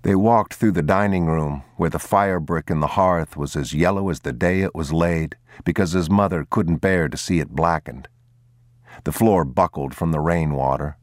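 A man reading a novel aloud in a grave, measured audiobook narration. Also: low-pitched, dry recording, studio quality.

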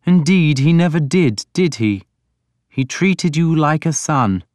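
A man voicing a mild but stern scholarly king in an audiobook, speaking in a measured way. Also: a little high, expressive, darkish tone, dry recording, clean studio sound, pitched above the performer's own voice. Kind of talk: audiobook character voice.

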